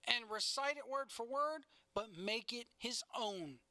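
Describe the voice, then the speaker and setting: Blunt, cursing man with a bright voice. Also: very high voice, animated, unhurried, no echo. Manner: blunt, profane, opinionated rants. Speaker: podcast co-host. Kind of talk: casual wrestling chat.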